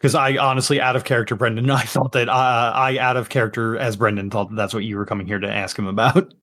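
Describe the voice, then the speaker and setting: A man's voice: medium pitch, level tone, fast, a bit bright. A man acting as game master, chatting loosely and laughing easily during a tabletop game session. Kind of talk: casual tabletop game chat.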